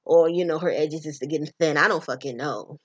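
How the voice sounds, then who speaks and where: Profane, animated woman talking to listeners. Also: low voice, fairly quick, husky, muffled recording. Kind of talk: casual monologue on relationships.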